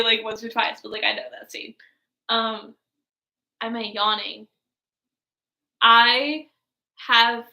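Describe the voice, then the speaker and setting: A woman's voice: fairly high pitch, pushed and bright. A woman in her twenties chatting casually while reacting to an album, rambling with lots of filler words. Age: 20s. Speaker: music reaction vlogger. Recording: echoey room.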